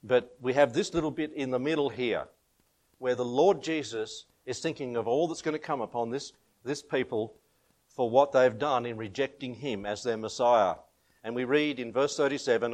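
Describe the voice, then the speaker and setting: A middle-aged Australian pastor in a relaxed, chatty sermon. His voice sits at an ordinary mid pitch, and he drifts easily from scripture reading into anecdotes, laughing at his own stories. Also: moderate pace. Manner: reads scripture in King James wording, leads prayer. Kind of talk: informal sermon with Bible reading.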